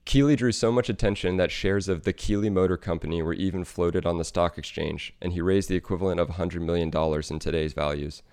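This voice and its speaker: A man with a deep, resonant voice narrates a scripted history segment. His delivery is measured and wryly understated, recorded dry and close. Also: steady tone, a little mellow, clear, resonant tone, dry recording. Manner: measured, wry storytelling. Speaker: segment presenter.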